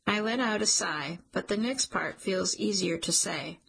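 A woman reads a romance audiobook in first person, intimate and emotional. Her voice is very husky and breathy, with a gravelly fry at the ends of phrases, at a mid pitch. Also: expressive, moderate pace, few pauses, fairly bright tone, low-quality recording. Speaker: audiobook narrator.

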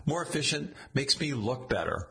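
A man's voice: mid-range voice, lively intonation, moderate pace, bright, forceful tone. A man reading a satirical story, voicing a vain, boastful male president who talks bluntly.

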